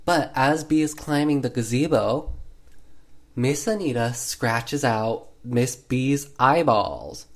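A man's voice: mid-range voice, takes it slowly. Sarcastic man recapping a film. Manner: sarcastic, heavy use of 'like' fillers. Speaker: movie recap host. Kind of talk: casual movie recap.

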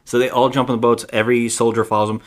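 A man's voice: medium pitch, little pitch movement, rapid-fire. A man co-hosting a podcast, casually recapping a movie's plot in a rambling way. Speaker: podcast co-host. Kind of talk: casual movie review chat.

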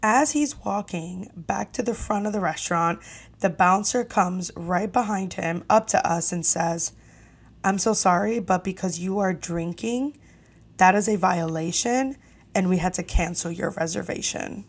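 A young woman hosting a podcast, telling a story casually with lively, profane, exasperated energy. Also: lowish voice, a little slow, slightly rough. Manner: animated, profane, exasperated retelling. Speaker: podcast host.

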